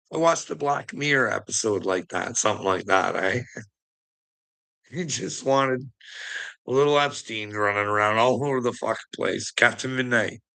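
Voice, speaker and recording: A man's voice: mid-range voice, gravelly, pushed and bright. A man ranting to his live chat in a sarcastic, mocking way, swearing heavily and often breaking into laughter. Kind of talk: profane livestream rant to chat.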